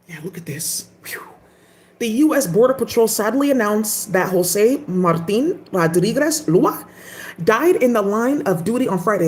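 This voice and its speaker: High-voiced woman ranting with profanity. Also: expressive, a little slow, darkish tone. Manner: profane, emphatic. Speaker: vlogger. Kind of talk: casual ranting commentary. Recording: echoey room.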